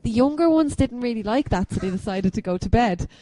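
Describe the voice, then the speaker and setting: A young woman co-hosting a podcast, telling a story briskly with self-mocking laughs. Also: fairly high pitch, expressive, mellow, poor audio. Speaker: podcast co-host. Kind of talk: casual storytelling chat.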